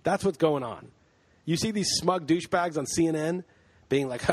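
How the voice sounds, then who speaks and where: A man's voice: fairly high pitch, moderate pace, slightly rough. Man ranting heatedly on a podcast. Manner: heated, ranting, swears freely. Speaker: podcast host. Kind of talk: casual chat.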